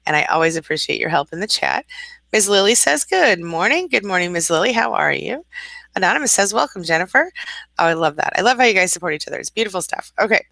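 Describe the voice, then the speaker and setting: A woman's voice: medium pitch, expressive, quick pace, gravelly, bright, forceful tone, no echo, low-quality recording. A middle-aged woman hosting a live-stream chat as a coach, greeting viewers by name and calling them honey. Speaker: host and coach.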